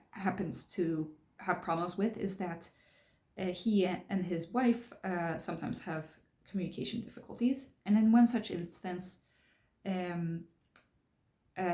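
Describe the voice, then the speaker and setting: Talking through a self-help book in a relaxed, think-aloud manner, a woman who hosts a channel breaks it down step by step. She has a mellow, mid-range voice, and the room echoes noticeably.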